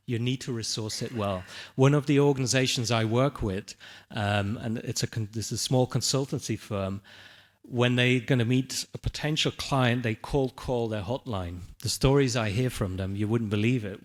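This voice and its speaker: Male panelist, mid-pitched voice, loose conversational delivery with restarts and check-ins. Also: normal speed. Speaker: conference panelist. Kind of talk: conference presentation.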